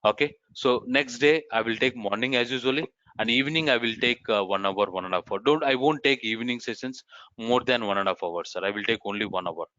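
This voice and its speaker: Bright-voiced man teaching a live online class. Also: medium pitch, fast talker, no echo. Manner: addresses students as sir and ma'am constantly. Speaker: online course instructor. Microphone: video call. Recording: muffled online meeting audio.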